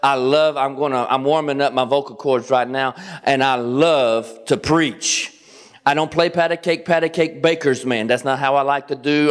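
A middle-aged man from Kentucky with a Southern accent, preaching as a guest pastor, joking and swinging his pitch up for emphasis. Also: fairly even intonation, moderate pace. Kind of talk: sermon. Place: church sanctuary. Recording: long church reverb.

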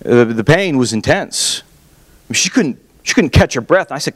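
A man in his thirties preaching a sermon as a pastor, an animated, self-mocking storyteller. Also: medium pitch, normal speed. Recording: long reverb of a large hall.

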